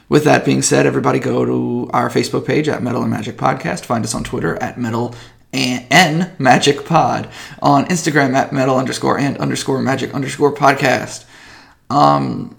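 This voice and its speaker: A man with a gravelly, fry-heavy voice narrates as game master, loose and casual, laughing and swearing as he goes. His pitch sits in an ordinary middle range. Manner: casual, swears freely, laughs between descriptions. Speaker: game master and podcast host. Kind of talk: narrating a tabletop game and closing the podcast.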